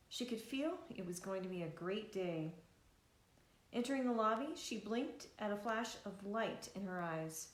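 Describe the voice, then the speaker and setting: A woman reading her own novel aloud in an easygoing way, now and then restarting a word. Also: mid-range voice. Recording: echoey room.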